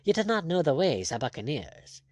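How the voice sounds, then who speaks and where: Bold, ironic buccaneer captain, blunt and firm; read by a male narrator. Animated, dry recording. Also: on the high side, moderate pace, no echo, pitched above the performer's own voice.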